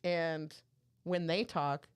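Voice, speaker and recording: A woman with a slightly low voice chats casually on a podcast. She tells stories with energy and slips into the voices of the people in them. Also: extremely slow, clear, resonant tone. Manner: animated storyteller acting out family dialogue. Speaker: podcast co-host. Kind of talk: casual chat.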